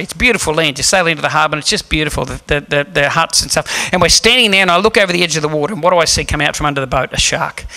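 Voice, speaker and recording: A man preaching a sermon, telling a story in an animated, humorous way. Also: high voice. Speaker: pastor.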